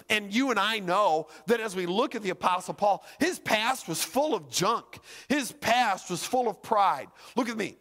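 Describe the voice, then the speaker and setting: A man preaching a sermon as pastor, acting out voices and swinging between loud and hushed. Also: sits high, long reverb tail.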